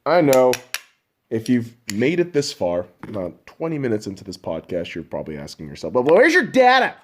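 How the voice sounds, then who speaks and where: Angry ranting man, wildly swinging pitch. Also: big pitch swings, moderate pace. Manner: angry, mocking, swings from shouting highs to low mutters. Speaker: podcast host. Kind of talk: profane ranting monologue.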